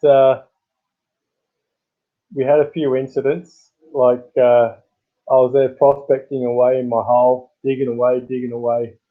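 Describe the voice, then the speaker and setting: Rambling Australian man on a tinny stream. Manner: rambling, greets chat viewers with sudden high-pitched bursts. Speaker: live stream host. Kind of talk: casual live-stream chat. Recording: tinny phone-like sound.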